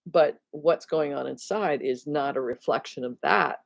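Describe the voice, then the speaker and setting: A woman's voice: low-pitched, unhurried, gravelly, few pauses, dry recording. A woman hosting her own videos on spirituality, talking casually and reflectively to her viewers, thinking aloud with restarts and often laughing at herself. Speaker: spiritual teacher and video host.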